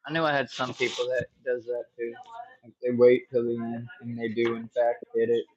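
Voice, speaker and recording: A man hosting a casual livestream from home, talking in a relaxed, rambling way with many fillers. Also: medium pitch, normal speed. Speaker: livestream host. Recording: dull lo-fi stream audio.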